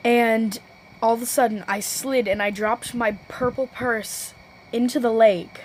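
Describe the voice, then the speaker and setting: A woman's voice: fairly even intonation, unhurried, a little hiss or hum, poor audio. Rambling teenage girl vlogger. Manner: rambling, says "low-key" often; self-correcting, restarts sentences. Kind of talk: storytime vlog.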